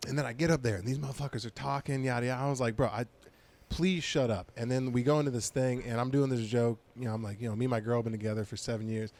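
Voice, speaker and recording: A man's voice: medium pitch, rapid-fire, few pauses. A man co-hosting a comedy podcast, telling a stand-up story in casual chat and acting out the people in it. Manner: animated, acts out quotes loudly.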